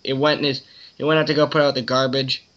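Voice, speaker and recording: Young dude rambling about hunting, bright sharp voice, muffled lo-fi audio. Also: male voice, medium pitch, fast. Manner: relaxed, rambling, says "dude" often. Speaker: podcast guest. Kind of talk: casual chat. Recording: dull lo-fi audio.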